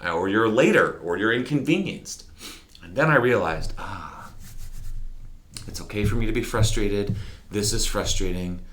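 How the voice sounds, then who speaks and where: Interview guest, male, very deep voice, candid reflective storyteller, animated delivery. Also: moderate pace. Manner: candid, animated, mimics horn sounds.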